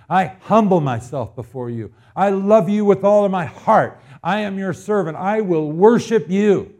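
Folksy preaching man, fairly high voice. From Arizona, US. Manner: folksy storytelling that builds to loud emphatic preaching. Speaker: pastor. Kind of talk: sermon.

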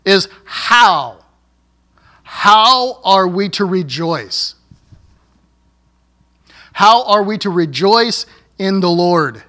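A man's voice: high voice, sharp tone. A male pastor preaching a sermon, with joking asides and laughing at his own slips.

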